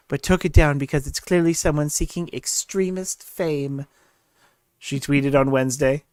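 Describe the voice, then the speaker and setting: A man's voice: on the high side, dry recording, clean studio sound. A man co-hosting a live podcast, reading news and adding wry commentary. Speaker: podcast co-host.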